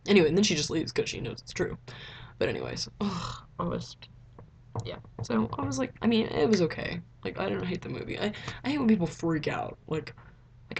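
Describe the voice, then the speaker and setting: A young woman chatting casually in a rambling vlog review, filling her talk with "like" and jumping up in pitch when excited. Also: fast, gravelly, slight background noise. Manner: chatty, rambling, heavy use of "like". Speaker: vlogger. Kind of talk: casual movie review chat.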